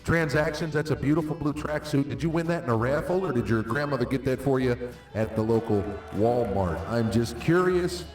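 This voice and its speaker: A man with a polished radio voice delivering a theatrical, booming insult-comedy roast. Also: expressive, a little fast, darkish tone. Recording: echoey distant voice chat with faint music.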